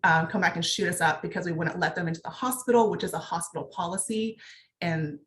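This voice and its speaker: A woman's voice: on the low side, quick pace, reverberant. A young woman from Texas, a veterinarian speaking candidly on a panel, with lots of fillers. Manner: candid, conversational, many fillers. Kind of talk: panel discussion, personal account.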